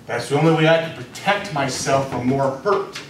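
A man giving a spiritual teaching to a small group, speaking deliberately and repeating key phrases for emphasis. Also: mid-range voice. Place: room with a live audience. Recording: very echoey room, distant mic, faint noise.

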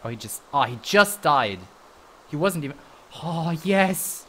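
A man livestreaming his gameplay, his voice bright and ringing as it jumps wildly up and down. He talks fast and loose to his chat, swearing freely and getting worked up at every turn. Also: fairly high pitch, expressive, slight background noise. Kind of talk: live gameplay commentary.

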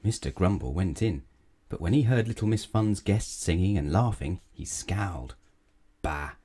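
Reading a children's bedtime storybook, a man narrates gently and at a measured, unhurried pace. His low, mellow voice is expressive and carries a breathy edge.

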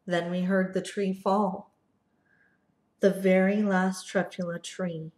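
A woman teacher reading a picture book aloud to young children, slow and expressive. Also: mid-range voice, reverberant. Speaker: first grade teacher.

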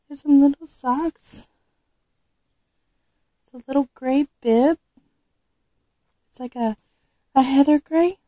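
A woman with a sore, recovering throat, chatting casually as she unboxes a doll, halting with frequent ums. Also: sits high, mellow, dry recording, rough recording. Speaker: vlogger unboxing a reborn doll.

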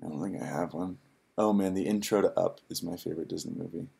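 A man's voice: sits low, fast talker, creaky, warm tone, breathy edge. A young man co-hosting a casual livestream Q&A, playful and jokey, reading out viewer questions. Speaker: livestream co-host.

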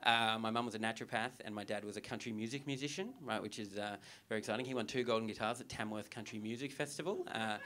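A young Australian man performing a stand-up set into a stage microphone in a theatre comedy club. He tells his stories in a loose, chatty way, peppered with "like" and "right?". Clear audience noise sits under his voice in the live recording. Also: on the low side, fast talker, hardly any pauses, pushed and bright. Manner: chatty storytelling with frequent "like" and "right?" asides.

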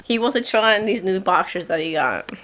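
A woman's voice: mid-range voice, animated, fairly quick, very noisy. A young woman filming a casual family vlog at home at night, playful and teasing, laughing often. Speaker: vlogger.

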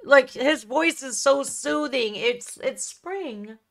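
A woman's voice: high-pitched, takes it slowly, vocal fry. A woman hosting a reaction video who talks casually to her viewers, swears freely and acts out little voices. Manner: profane, animated, acts out voices.

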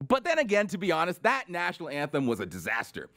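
A man with a high voice launches into a comedic political rant, mocking and incredulous. His pitch leaps all over the place as he fires off sarcastic jabs and disbelieving questions. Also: wildly swooping pitch, fast, a bit bright. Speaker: political commentary host.

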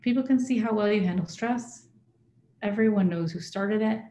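A woman's voice: medium pitch, normal speed, warm tone. Conversational woman presenting in an echoey room. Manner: conversational, checks in with listeners. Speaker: workshop presenter. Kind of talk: presentation to a live audience.

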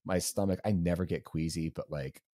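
Low, mellow-voiced casual man. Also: fairly even intonation, fairly quick, no echo, studio quality. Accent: Southern US. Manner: rambling, many fillers like "like" and "um". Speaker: podcast co-host. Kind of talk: casual race recap storytelling.

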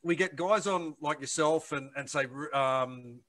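A man's voice: a little high, a little slow, fairly bright tone, no echo. A podcast co-host asking a guest about his career, with many hesitant fillers. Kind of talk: interview questions.

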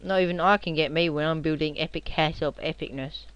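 A young man, rambling and joking as he narrates his own computer game, now and then shouting at enemies. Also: fairly high pitch, fairly even intonation, quick pace, smooth, no echo, highs cut off. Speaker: gamer playing on video. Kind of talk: casual game commentary.

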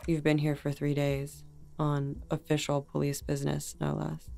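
A gravelly, deadpan young dancer. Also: female voice, sits low, moderate pace, faint music behind. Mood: dry. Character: weary young woman dancer, dry and guarded. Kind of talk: game voice acting.

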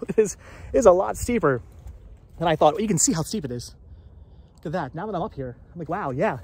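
A man's voice: high-pitched, expressive, a little fast, pauses often, a little mellow, husky, no echo. A man chatting casually to his viewers while walking around outdoors on a hilly farm, rambling and asking them questions. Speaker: vlogger.

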